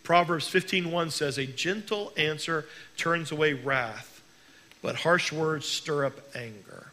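A male pastor preaching a sermon in an earnest way, slowing down to stress key words. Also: on the high side, bright, forceful tone.

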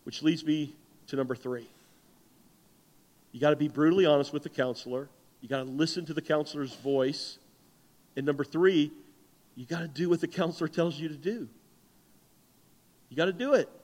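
High-voiced preaching pastor in a reverberant hall. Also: male voice, normal speed, pauses often. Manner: animated preaching, acts out quoted voices. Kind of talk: sermon.

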